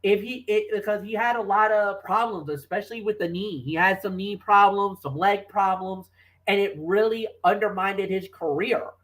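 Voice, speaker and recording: A sports talk co-host with a mid-pitched voice chats loosely at a moderate pace, telling stories and discussing players. The rambling speech is full of fillers and restarts, growing louder with excitement, on a low-quality recording.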